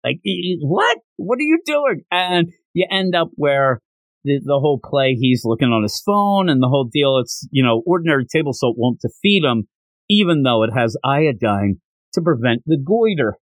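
A man reviews manga on a podcast with an animated, swooping delivery. He sits close to the mic in a dry, dead room. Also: medium pitch, normal speed, dry recording. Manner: animated, retells scenes with fillers and laughs. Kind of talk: casual review chat.

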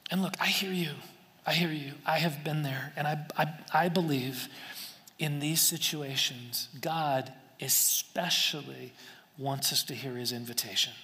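A man's voice: on the high side, fairly even intonation, unhurried, bright, forceful tone. A man preaching as a pastor, earnest and conversational, often repeating phrases and restarting sentences. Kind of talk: sermon. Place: church sanctuary. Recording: long echo of a large hall.

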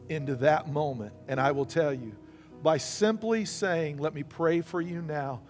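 A man preaching from the pulpit, his voice sitting a little high for a man. He tells stories and plays out the people in them as he preaches. Soft music runs quietly behind him. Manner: storytelling preacher acting out quoted voices. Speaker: pastor. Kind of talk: sermon.

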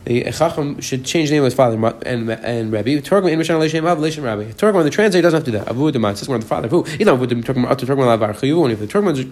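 A man giving a daily Talmud page lesson, reading the Aramaic text in quick bursts and explaining it in English. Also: mid-range voice, animated, a little mellow. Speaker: Talmud teacher.

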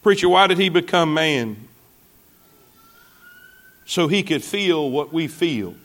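A man preaches in a high-pitched voice. He reads scripture aloud and breaks off to put questions to his congregation. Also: animated, slow, fairly bright tone. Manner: preaching with call-and-response asides to the congregation. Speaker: pastor. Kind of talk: sermon.

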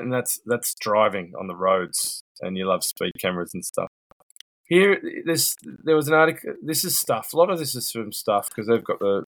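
A man co-hosts a podcast over a video call, talking in a blunt, sweary, rambling way. His voice sits at an ordinary pitch, and the sound is dry and close with no room around it. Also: a bit bright, no room sound. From New Zealand. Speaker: podcast co-host. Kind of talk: casual banter.

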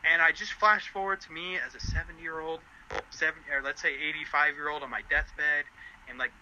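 A young man telling a story as a podcast guest, animated and laughing often. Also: a little fast, muffled recording, a little hiss or hum. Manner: animated, laughing often, voice jumping high in quotes. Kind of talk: casual storytelling chat.

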